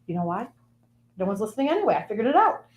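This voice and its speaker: A woman's voice: medium pitch, big pitch swings, racing, darkish tone. A woman guest delivering a playful, rambling comic monologue in character, with sing-song asides.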